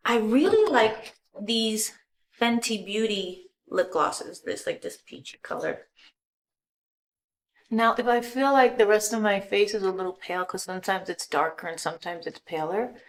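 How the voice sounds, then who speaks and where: Middle-aged woman, relaxed celebrity makeup-tutorial host, talks you through every brush stroke, voice of medium height, easy chatty flow with quiet asides. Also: medium pitch, normal speed. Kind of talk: casual makeup tutorial talk.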